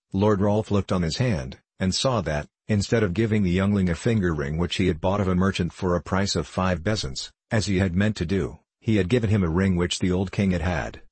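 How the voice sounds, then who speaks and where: A man narrating an old-fashioned tale aloud in a measured, formal storytelling manner. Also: deep voice, darkish tone, breathy edge, dry recording. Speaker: audiobook narrator. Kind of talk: scripted narration of an archaic tale.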